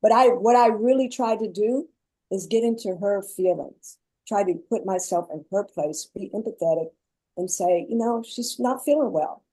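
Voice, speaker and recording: A woman guest on a panel, explaining her caregiving experience in earnest, measured phrases. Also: mid-range voice, fairly even intonation, mellow, dry recording, poor audio. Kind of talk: panel discussion.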